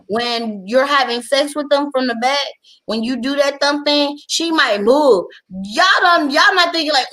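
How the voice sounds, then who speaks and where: Brash female co-host, outspoken and profane, a little high-pitched. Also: moderate pace, poor audio. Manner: blunt, loud, profane. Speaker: podcast co-host. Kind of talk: explicit casual group chat.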